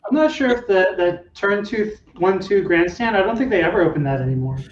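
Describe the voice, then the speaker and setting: A man in casual podcast chat, who talks in a measured way and explains things step by step. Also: high voice, expressive. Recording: distant, roomy, dull remote audio.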